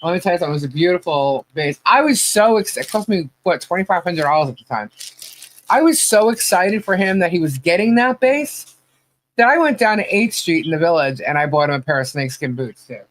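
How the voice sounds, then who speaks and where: A woman's voice: on the low side, brisk. Laughing woman telling a story. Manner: animated storyteller, acts out quoted dialogue, laughs often. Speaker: podcast co-host. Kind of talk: casual storytelling chat.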